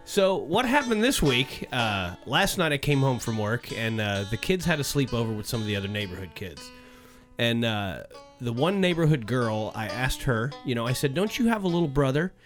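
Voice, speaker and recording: A man from Florida, a podcast regular, telling deadpan family anecdotes in a casual way. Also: mid-range voice, normal speed, soft background music. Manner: deadpan anecdotes with put-on kid voices. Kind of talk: casual storytelling.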